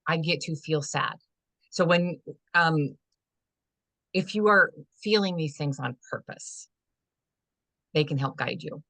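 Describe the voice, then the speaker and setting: Low-voiced earnest woman coach, rambling. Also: takes it slowly, gravelly, pauses often, pushed and bright, no echo. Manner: rambling and earnest, many "you know" fillers, acts out inner dialogue. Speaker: holistic fitness and life coach, guest. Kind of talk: conversational podcast interview.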